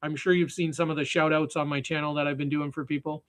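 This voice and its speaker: Speaking quickly in a level, somewhat high voice, the Canadian streamer chats while he ties flies. He keeps trailing off, restarting, and filling gaps as he rambles along.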